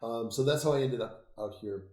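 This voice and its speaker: Laughing older man telling animated stories. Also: mid-range voice, fairly quick. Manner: animated, laughing storyteller, swears freely. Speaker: interview guest, occultist author. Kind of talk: casual storytelling conversation. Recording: roomy echo.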